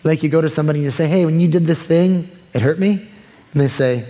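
A man's voice: on the high side, fast talker, mellow, big-room sound. A young adult man preaching a sermon in a conversational way, acting out the people he quotes. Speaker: pastor.

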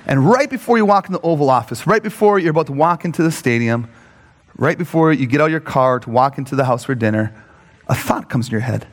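Animated preacher man in a reverberant hall. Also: quick pace. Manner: animated, jumps into high mock voices for quoted people. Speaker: pastor. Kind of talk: sermon with comic storytelling.

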